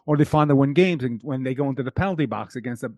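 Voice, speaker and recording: A man's voice: mid-range voice, rapid-fire, darkish tone, no room sound, clean studio sound. A man talking as a guest on a hockey podcast, rattling on with repeated and restarted phrases. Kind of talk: casual podcast chat.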